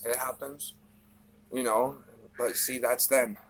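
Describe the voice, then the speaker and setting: A man's voice: medium pitch, fairly even intonation, takes it slowly, slight background noise, rough recording. A man chatting casually on a livestream from his apartment, rambling with lots of "you know". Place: apartment indoors.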